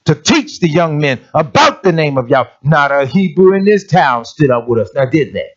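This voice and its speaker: A man's voice: a little high, sing-song, normal speed, hardly any pauses. A middle-aged man preaching a conversational sermon as an elder, emphatic and plain-spoken, calling out to his listeners. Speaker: elder of an assembly. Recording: dull lo-fi sermon recording.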